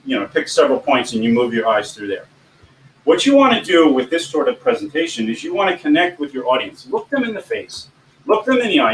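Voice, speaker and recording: A man coaching people on giving presentations in an informal teaching talk, animated and often swinging his voice up and down. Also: a little high. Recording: echoey room, distant mic, faint background hum.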